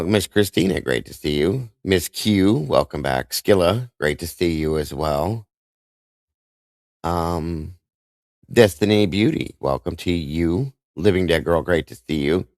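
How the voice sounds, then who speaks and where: A man hosting a live stream, speaking in an emotional, halting way with many restarts and greeting viewers by name. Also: low voice, darkish tone, no room sound. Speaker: livestream host.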